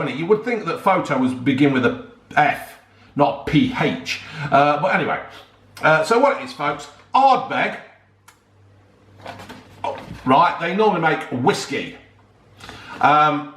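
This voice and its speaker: A chatty man talks to his viewers in a loose, rambling way, tripping over tricky words and calling everyone "folks". His voice sits a little high for a man. The sound is roomy, with a clear echo around him. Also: a bit bright. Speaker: YouTuber reviewing a beer. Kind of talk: casual rambling chat to viewers.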